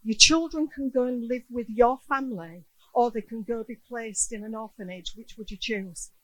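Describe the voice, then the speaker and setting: A middle-aged woman delivers an emotional sermon, bringing the people in her stories to life with lively quoted voices. Her voice sits a touch high, and the close microphone gives it a dry, roomless sound. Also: normal speed, no echo, low-quality recording. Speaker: guest speaker.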